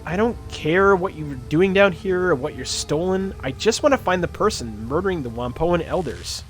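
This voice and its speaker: A man voicing a blunt investigator in a tabletop game, speaking in a flat, matter-of-fact way. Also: sits high, normal speed, soft background music, voice pushed up.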